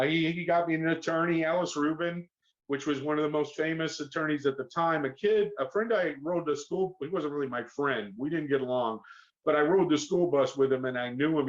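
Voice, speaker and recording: A middle-aged man with a Southern accent, spinning an animated story and slipping into the voices of the people in it. His voice sits a little high for a man. The sound is a bit muffled, like a lo-fi podcast track. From Miami, Florida. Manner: animated storyteller who acts out quoted voices. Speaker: guest. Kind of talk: storytelling interview. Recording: slightly muffled podcast audio.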